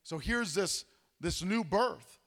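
A male pastor teaching a Bible study, animated, asking rhetorical questions and dropping to a hush for effect. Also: sits high, takes it slowly.

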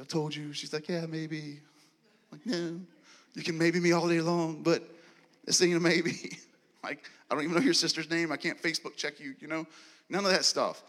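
A man preaches in a large church hall, acting out each line of his story with a bright, forceful voice. His words ring out with a long reverb trailing behind them. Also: mid-range voice. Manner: animated, acts out dialogue, laughs and clears throat often. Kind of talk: sermon storytelling.

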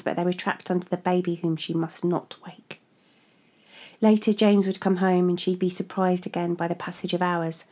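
A woman narrating a literary story in a measured, restrained way. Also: on the low side, warm tone.

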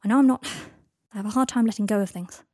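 A woman voicing a gruff, guarded young man who gives blunt, short replies in an audiobook reading. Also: medium pitch, fast, darkish tone, dry recording, clean studio sound, natural voice. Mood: subdued.

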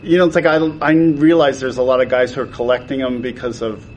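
A man's voice: mid-range voice, quick pace, a little hiss or hum. A middle-aged man, a toy designer, chatting and telling anecdotes as a guest on a convention panel, laughing often and acting out the people he quotes. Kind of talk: casual anecdotal storytelling.

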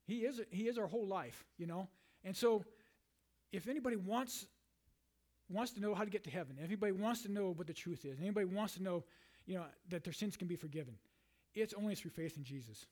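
High-voiced preacher man, chatty sermon. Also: fast talker. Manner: conversational, repeats words and restarts, many "you know"s; reads scripture aloud and paraphrases it in a lively way. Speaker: pastor.

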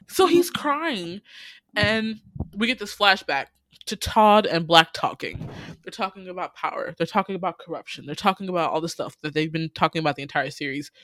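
A man casually recapping a TV series on a podcast, telling the story in lively bursts, acting out the characters' lines and swearing freely, with lots of "you know". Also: on the high side, fairly quick, no room sound, clean studio sound. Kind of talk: casual chat.

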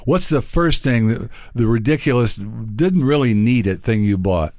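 Radio host guy, mid pitch, jokey, laughs a lot, dry close sound. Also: lively intonation, moderate pace, darkish tone, no echo. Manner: joking, laughs often. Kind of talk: casual radio interview.

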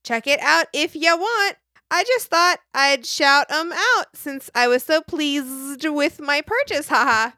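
A woman's voice: high-pitched, bright, forceful tone, dry recording, studio quality. A woman co-hosting a casual podcast, joking, swearing freely and reading a fan's video description aloud, punctuation included. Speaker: podcast co-host. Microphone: mic on a stand.

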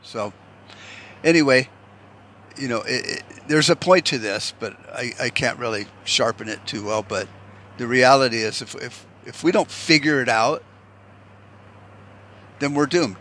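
A man's voice: medium pitch, unhurried, pauses often, sharp tone, a little hiss or hum. A man from the United States delivering a heated, rambling, profane rant and restarting his sentences often. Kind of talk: ranting monologue.

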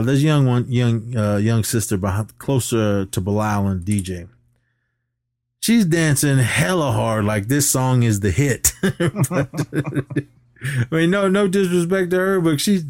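A man's voice: lowish voice, no room sound. A man co-hosting a podcast, casually retelling a movie scene with frequent laughs. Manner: animated retelling, laughs often. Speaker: podcast co-host. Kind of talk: casual movie recap chat.

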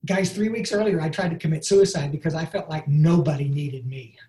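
A man's voice: fairly high pitch, fairly quick, dark tone, roomy sound. A man giving an earnest, folksy recovery talk full of "and, uh" fillers. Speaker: recovery speaker. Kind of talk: personal testimony talk. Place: online meeting.

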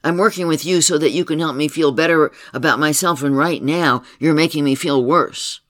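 A man's voice: medium pitch, very animated, measured pace, a bit bright, heavily acted. A man voicing an anxious, demanding woman in therapy, insistent and challenging in tone, in a story he reads aloud.

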